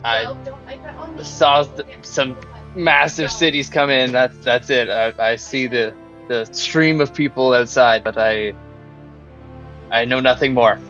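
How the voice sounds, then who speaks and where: A man's voice: medium pitch, slow pace, fairly bright tone, highs cut off, faint music behind. A man voicing a blunt, loyal dwarf adventurer in a tabletop game, talking in a coarse, hearty way. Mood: uncertain.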